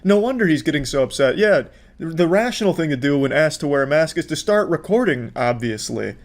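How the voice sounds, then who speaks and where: A man's voice: a little high, expressive, fairly quick. A man giving sarcastic, profane reaction commentary on clips. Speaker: commentary host.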